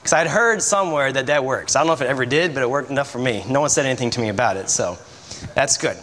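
Speaking at a quick pace with a fairly bright, medium-pitched tone, a man in his thirties preaches as a visiting missionary. He keeps the sermon loose and self-deprecating, joking, chatting and laughing in the church sanctuary, where the hall's reverb and a faint room noise come through.

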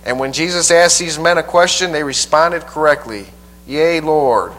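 A man preacher teaching a Bible passage verse by verse in a folksy, halting way, often repeating his words. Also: a little high, bright, forceful tone, poor audio.

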